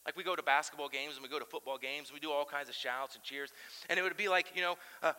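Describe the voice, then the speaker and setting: A man preaching a sermon as pastor, animated and swinging between loud emphasis and quiet intensity. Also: a little high, fast, long reverb tail, rough recording. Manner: animated preaching, chanting crowd shouts aloud.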